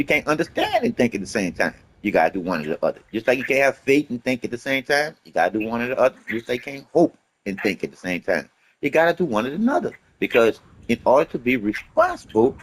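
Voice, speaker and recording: In a medium-pitched voice over a faint hiss or hum, a man rambles through a motivational monologue in street slang. He preaches emphatically, keeps repeating himself and swears a lot.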